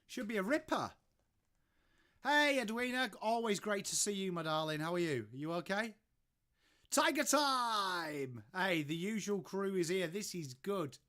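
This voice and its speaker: English bloke hosting a live stream from home, slightly higher voice, chatty, greeting his viewers by name. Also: lively intonation, moderate pace, fairly bright tone. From England. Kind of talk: casual live watchalong chat.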